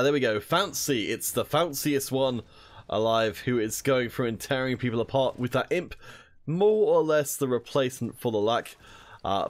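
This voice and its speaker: A young man casting a mobile shooter tournament alone, chatting with viewers in between plays. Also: mid-range voice. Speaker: esports caster. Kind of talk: solo esports commentary reading chat.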